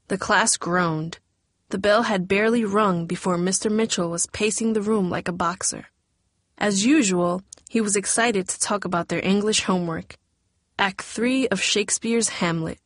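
A woman's voice: fairly low pitch, steady tone, moderate pace, no room sound, clean studio sound. A woman reading a novel chapter aloud as narrator, lifting her voice a little for the dialogue. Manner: reads dialogue with light character inflection. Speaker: audiobook narrator. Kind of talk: scripted narration.

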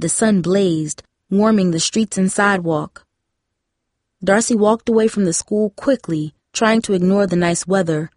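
Recorded dry at studio quality, a female audiobook narrator reads a novel in a steady, measured way. Her voice is medium in pitch, and the delivery is scripted narration.

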